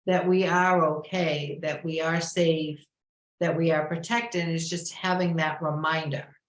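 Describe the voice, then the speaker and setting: A woman's voice: deep voice, flat delivery, measured pace, roomy sound, slight background noise, low-quality recording. A woman life coach, a guest on a podcast, speaking thoughtfully and searching for her words. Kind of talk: casual interview conversation.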